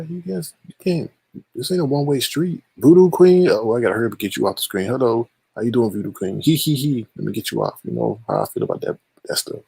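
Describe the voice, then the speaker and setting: Male livestream host with a gravelly, raspy voice; playful, shady gossip commentary while reading chat. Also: mid-range voice, darkish tone, no echo.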